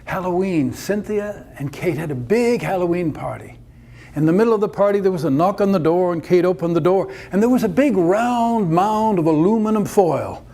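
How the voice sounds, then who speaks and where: A man telling a story aloud in a conversational, unhurried way. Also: high-pitched, creaky, dark tone. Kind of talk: told story narration.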